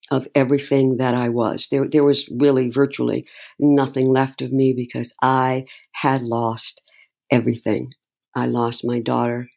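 A middle-aged woman, an interview guest, recounts a personal story in conversation, speaking emotionally and haltingly with many restarts. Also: very deep voice, gravelly, darkish tone.

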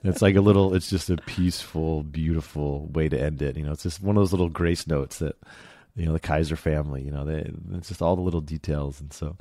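A man talking casually on a podcast in a relaxed, rambling way. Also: very deep voice, a little fast, dry recording, studio quality. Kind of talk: casual chat.

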